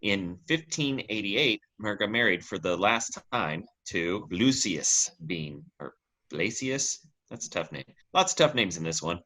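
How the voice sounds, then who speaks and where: A man's voice: fairly low pitch, expressive, measured pace, pushed and bright, rough recording. A man hosting a podcast, telling a history story in a jokey, casual way and laughing often between lines. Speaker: podcast host.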